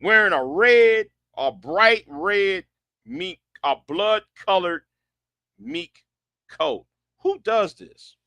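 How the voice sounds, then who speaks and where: A man's voice: sits high, sing-song, very slow, vocal fry, sharp tone, dry recording. A man delivering a sarcastic, incredulous rant as an online commentator, often repeating himself. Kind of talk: ranting commentary.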